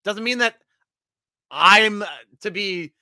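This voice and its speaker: A man's voice: sits high, slow pace, smooth, dry recording, clean studio sound. A man hosting a casual sports podcast livestream, reading viewer comments with frequent laughs and restarts. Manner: animated, laughs often, many restarts.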